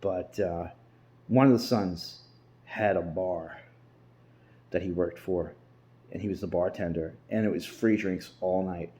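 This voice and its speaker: Low, mellow-voiced guy vlogging in an empty house, profane and rambling, faint background hiss. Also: fairly even intonation, measured pace, long pauses. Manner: profane, loose, rambling with restarts. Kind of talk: casual rambling monologue. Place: emptied house, indoors.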